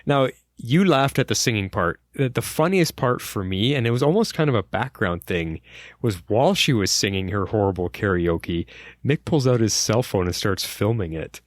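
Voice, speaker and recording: A man co-hosting a podcast in relaxed conversation, often asking questions and giving short agreeing replies. His voice is fairly low and sounds close and dry. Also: normal speed, dry recording. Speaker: podcast co-host. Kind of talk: casual chat.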